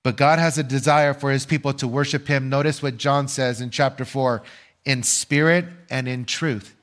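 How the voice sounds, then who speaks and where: An older man preaching a sermon as pastor, earnest and measured, asking his listeners rhetorical questions and pausing for answers. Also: medium pitch, fairly even intonation, fairly bright tone.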